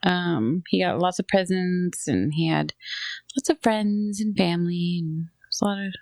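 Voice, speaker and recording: A woman in her thirties co-hosting a podcast, telling stories casually, quickly and with frequent giggles. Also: on the low side, gravelly, a little mellow, no room sound. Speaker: podcast co-host. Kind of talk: casual chat.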